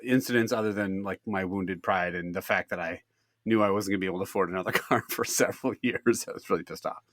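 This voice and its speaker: A man's voice: low voice, fast, dry recording, clean studio sound. A young man co-hosting a podcast, telling a story in casual chat, swearing freely and acting out the people in it. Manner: animated, swearing, acts out others' voices with laughs. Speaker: podcast co-host.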